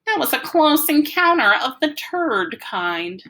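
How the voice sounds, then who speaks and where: A woman voicing an excitable, brainy young boy who shouts in a high voice. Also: a little slow, heavily acted. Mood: gleeful.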